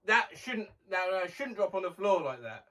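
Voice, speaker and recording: A comedy YouTuber reading strange words and sounds aloud with animated, exaggerated delivery and yelps. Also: male voice, high-pitched, normal speed, noisy background.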